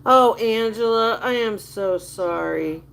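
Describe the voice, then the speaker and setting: Livestream host: woman, fairly high voice, gossipy and emphatic, chatting to viewers. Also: slow pace, creaky, fairly bright tone. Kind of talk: casual livestream chat reading comments.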